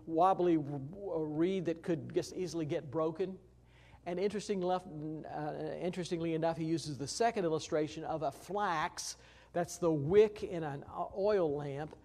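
A man teaching through a Bible passage in a conversational, folksy way, with many fillers and restarts, getting louder for emphasis and quieter for gentle points. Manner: rises in pitch and volume for emphasis, drops low for tender points.

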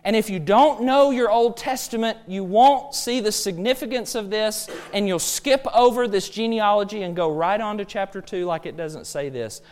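A man's voice: high voice, moderate pace, hardly any pauses, a little mellow, clean tone. A man preaching a sermon, emphatic and full of rhetorical questions.

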